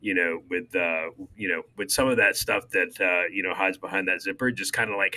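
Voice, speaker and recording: A man on a podcast with a lowish voice and a bright, forward tone speaks in a halting way. His talk is full of "you know" and trailing phrases as he remembers a friend. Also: fairly even intonation. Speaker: podcast co-host. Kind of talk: casual conversational tribute.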